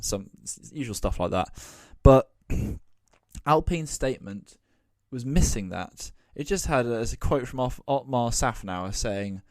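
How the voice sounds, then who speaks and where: A man's voice: mid-range voice, expressive, a little slow, dry recording, clean studio sound. A man co-hosting a sports podcast, talking casually with many fillers. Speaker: podcast co-host. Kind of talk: casual chat.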